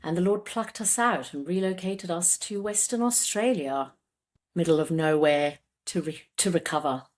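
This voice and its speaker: A woman with a mixed accent that carries a Zimbabwean twang, speaking as a podcast guest. Her voice sits fairly low as she tells her own story earnestly, with frequent ums. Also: moderate pace. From grew up in Zimbabwe. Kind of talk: personal story in an interview.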